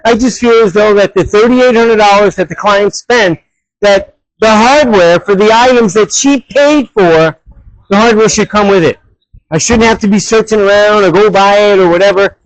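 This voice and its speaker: A man working as a hot rod mechanic in his garage, talking bluntly and loudly in a casual vlog while wearing a headset. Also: sits high, normal speed, no echo, low-quality recording. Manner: blunt, direct and talks loud. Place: car garage. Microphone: headset mic.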